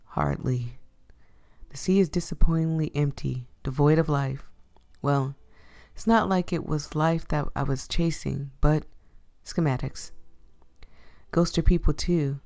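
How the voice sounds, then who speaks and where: A woman's voice: low-pitched, a little slow, pauses often, mellow. A woman voicing a grumpy, brooding young male ghost-catcher in a visual novel, curt and dry. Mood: irritated.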